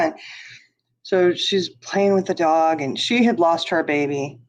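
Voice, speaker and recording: A woman's voice: deep voice, normal speed. A woman telling a long story in casual chat, laughing often and saying "you know" a lot. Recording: dull lo-fi sound.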